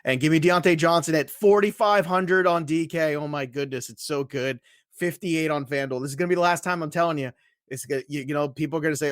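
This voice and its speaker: A man co-hosting a casual fantasy football podcast, talking in an excitable, emphatic way and laughing often. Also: on the high side, fast talker, no echo, studio quality. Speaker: podcast co-host.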